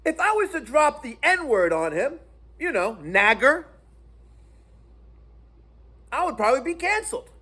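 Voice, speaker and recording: A man telling a profane, animated story in a casual vlog rant. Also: extremely high pitch, unhurried, long pauses. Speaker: internet personality.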